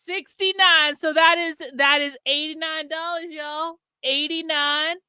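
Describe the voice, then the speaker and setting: Tipsy lady streamer, high bright voice, mock southern drawl, cussing at chat, dry close sound. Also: fairly even intonation, unhurried, no echo. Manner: joking, swearing, teasing viewers. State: tipsy from drinking beer. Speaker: livestream host. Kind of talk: casual livestream chat.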